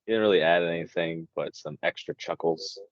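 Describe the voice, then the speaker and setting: Male podcast co-host, very low voice, blunt and sweary, dry close sound. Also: brisk, dry recording, lo-fi sound. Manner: blunt, swears freely, trails off. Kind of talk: casual chat.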